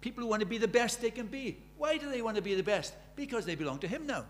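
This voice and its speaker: A man preaching a sermon, animated, shifting from loud emphatic lines to quiet asides. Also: extremely high pitch, quick pace, slight background noise.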